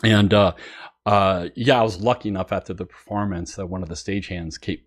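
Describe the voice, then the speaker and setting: A man who hosts a music channel, telling a story casually and excitedly, with many fillers and frequent laughter. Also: sits low, a little fast.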